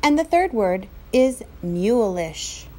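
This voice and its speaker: A woman teacher reading a novel aloud to her class, clear and expressive. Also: medium pitch, takes it slowly.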